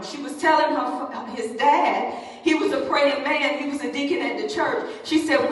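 A woman preacher telling a story in her sermon, animated and calling out to the congregation. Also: sits high, moderate pace. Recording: echoey hall from far off.

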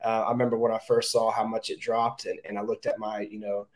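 A man's voice: lowish voice, little pitch movement, fast. A man who is a real estate agent, talking as a podcast guest in a direct manner, often repeating words as he thinks aloud. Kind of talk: casual interview talk.

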